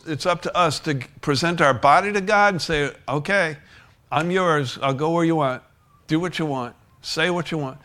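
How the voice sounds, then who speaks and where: A man's voice: a little high, sharp tone. A male pastor preaching a sermon in a conversational way, often restarting sentences and chuckling.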